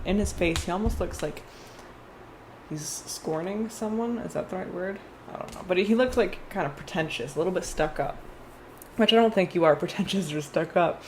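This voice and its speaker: A woman's voice: on the low side, a little mellow, a little hiss or hum. A young woman chatting through a casual tarot card reading, rambling with fillers and restarts.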